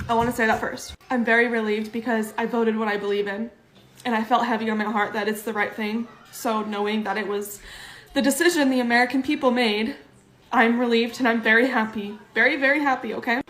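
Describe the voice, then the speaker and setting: A woman's voice: a little high, a bit bright. Earnest woman in a roomy space. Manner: emotional, earnest. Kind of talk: personal social media video.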